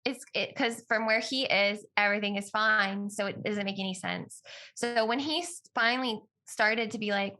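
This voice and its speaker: A woman guest on a relaxed podcast who speaks openly and from the heart. Her voice is bright and forward at a medium pitch, and her sentences run on in a flowing way. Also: normal speed. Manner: open, heartfelt, speaks of personal experience in a flowing way. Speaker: podcast guest, yoga teacher. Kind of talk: casual conversational interview.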